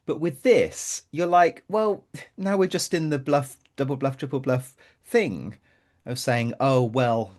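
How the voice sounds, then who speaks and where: A man co-hosting a podcast in casual chat, playful and quick to laugh. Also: mid-range voice. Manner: animated, laughs often, playful asides. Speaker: podcast co-host.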